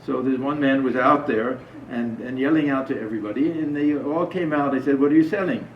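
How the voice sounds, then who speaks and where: A man's voice: medium pitch, a little fast, slight background noise. A man giving an informal spiritual talk to a small gathering, telling stories and asking his listeners questions. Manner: conversational, asks the audience questions. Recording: roomy, distant, dull sound.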